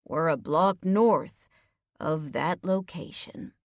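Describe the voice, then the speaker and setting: Woman voicing a gentle officer, slow and wry. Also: sits low, no echo, studio quality. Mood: earnest. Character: male police officer, friendly, soft-spoken young father. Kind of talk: audiobook character voice.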